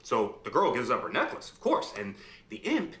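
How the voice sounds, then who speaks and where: An actor playing a man who tells a child a fairy tale in a lively bedtime-story way, stretching out words for effect. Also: mid-range voice, normal speed. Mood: playful storytelling. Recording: roomy echo.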